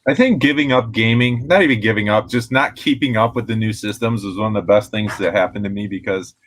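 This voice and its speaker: A man's voice: fairly low pitch, fairly quick, fairly bright tone. A man, an artist on a panel, talking casually in a rambling way with many fillers. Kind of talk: casual chat.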